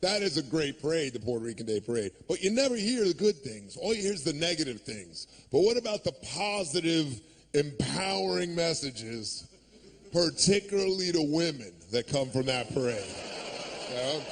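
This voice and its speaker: Raspy-ish high-voiced guy doing stand-up, sarcastic rants, swears a lot. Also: big pitch swings, moderate pace. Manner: sarcastic, ranting, acts out quoted people; profane. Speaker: stand-up comedian. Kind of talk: stand-up comedy set.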